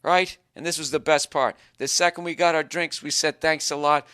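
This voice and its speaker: A male comedian tells a road story with excitable, profane glee. His voice is bright and crisp, sitting a little high for a man. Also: moderate pace. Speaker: stand-up comedian.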